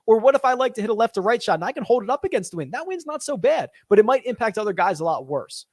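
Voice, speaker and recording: A young man hosting a casual live stream reads out viewer questions and thinks aloud in a chatty way. His somewhat high voice is lively in intonation and races along. It sounds close and dry, with no room sound around it.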